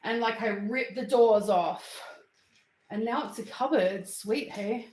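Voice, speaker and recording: Slow-talking Australian woman, playful and slangy. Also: on the high side, darkish tone, slight background noise. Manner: playful, slangy, chatty with viewers. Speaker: livestream host. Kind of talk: casual livestream chat. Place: home, moving into the kitchen. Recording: roomy home recording.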